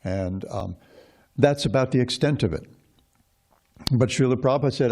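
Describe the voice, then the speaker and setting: A man's voice: medium pitch, normal speed, long pauses, darkish tone. A man giving a scripture class in a rambling, conversational way, with many fillers and restarts.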